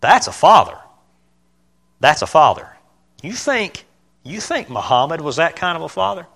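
Earnest middle-aged preacher, bright voice. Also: male voice, on the high side, big pitch swings, gravelly. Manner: earnest, halting, self-correcting, with sudden loud bursts. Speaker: lay preacher. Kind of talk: informal sermon.

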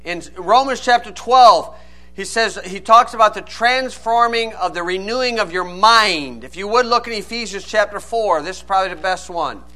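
A man's voice: high-pitched, normal speed, bright, forceful tone. A man preaching a sermon, reading old-style scripture and then explaining it plainly and with emphasis.

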